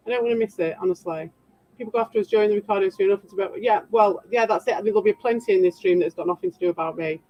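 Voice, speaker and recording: A woman's voice: fairly high pitch, a little mellow. Defensive, rambling British woman streamer. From Britain. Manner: defensive, rambling, sarcastic asides. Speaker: livestreamer answering chat. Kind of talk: casual livestream chat. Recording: dull lo-fi sound.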